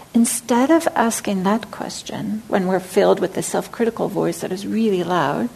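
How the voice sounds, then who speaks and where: A woman leads a dharma talk with a gravelly, fry-touched voice at a middling pitch. She speaks gently and reflectively as a meditation teacher, at times easing down into a soft near-whisper. A faint hum sits behind her. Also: moderate pace, few pauses, low-quality recording.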